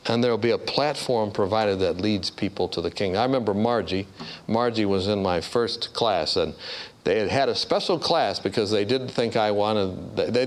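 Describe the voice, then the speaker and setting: A man preaches a sermon built around stories, acting out the voices of the people in them. He's an animated storyteller whose character voices take big leaps in pitch.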